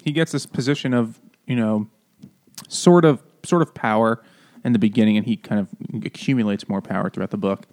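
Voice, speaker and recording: A man co-hosting a casual book podcast, animated and joking. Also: fairly low pitch, a little fast. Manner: animated, mocks villain voices. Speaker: podcast co-host. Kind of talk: casual chat.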